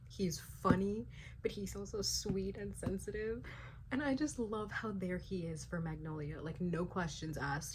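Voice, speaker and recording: A young woman vlogging her reactions to a book, animated and ranting, full of "like" fillers and the odd swear. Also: mid-range voice, a little slow, background noise. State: sleepy late at night. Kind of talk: casual reading vlog reactions.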